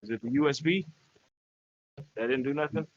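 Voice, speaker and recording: A man co-hosting a live podcast over a poor USB mic, animated and laughing. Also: medium pitch, moderate pace, dull audio. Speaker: podcast co-host. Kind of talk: casual live podcast banter. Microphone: USB mic, poor connection.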